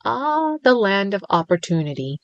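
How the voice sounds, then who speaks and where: A woman's voice: lowish voice, expressive, a little slow, dry recording, dull audio. A woman voicing a smug male crime boss villain with a lilting, sing-song voice, teasing and crooning with mock sympathy.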